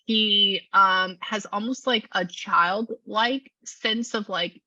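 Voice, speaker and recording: A woman with a bright, forceful voice giving a chatty spirit reading as a medium. The sound is dry and a bit dull, like a lo-fi video call. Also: mid-range voice, no echo. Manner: chatty and quick, with many fillers and laughs. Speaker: psychic medium. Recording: dull lo-fi audio.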